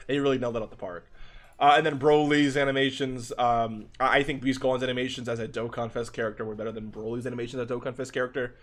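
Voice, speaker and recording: A young man giving excited reaction commentary on game animations, gushing and restarting his sentences, calling the viewer dude and bro. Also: mid-range voice, fast talker, faint music behind. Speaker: gaming YouTuber.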